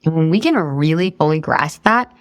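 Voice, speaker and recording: Low-ish voiced woman coach, 30s, super chatty, keeps asking the group stuff, dry close sound. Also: lively intonation, moderate pace, no echo. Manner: chatty, encouraging, asks the group many questions; drifts off topic and laughs at herself. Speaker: weight-loss coach. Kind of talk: live online coaching class.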